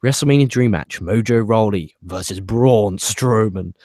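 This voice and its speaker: A low-pitched British man chatting on a wrestling podcast. His voice is close and dry, with no room around it. He reads viewer comments aloud and tosses off wry, dismissive remarks. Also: measured pace, mellow, dry recording. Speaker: podcast co-host. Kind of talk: casual wrestling podcast chat.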